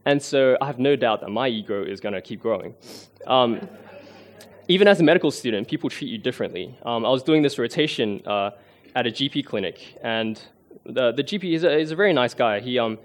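A man, giving a sermon in an earnest, self-deprecating way, often pausing with fillers. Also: medium pitch. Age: 20s. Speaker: lay preacher.

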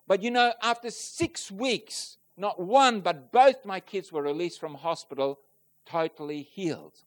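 A man preaching a personal testimony to a congregation, earnest and emotional, swelling loud on key points and asking the listeners direct questions. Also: high voice, unhurried. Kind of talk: sermon testimony.

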